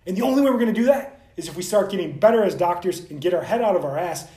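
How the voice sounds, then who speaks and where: A man hosting a vlog, ranting bluntly and profanely straight to the camera as a soft tissue clinician. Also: sits high, expressive, rapid-fire, roomy sound.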